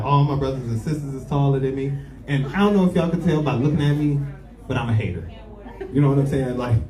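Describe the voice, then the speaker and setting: Profane stand-up comic in a noisy club. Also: male voice, medium pitch, recorded from a distance. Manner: loose, profane storytelling with lots of filler. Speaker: stand-up comedian. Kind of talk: stand-up comedy set. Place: comedy club stage with a live audience. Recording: roomy live club recording with crowd. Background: audience laughing and clapping.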